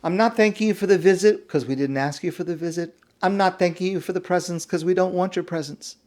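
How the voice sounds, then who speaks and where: Earnest teen boy, solemn and heartfelt, voice pitched a bit high, as a man tells it. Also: quick pace, a little mellow, natural voice.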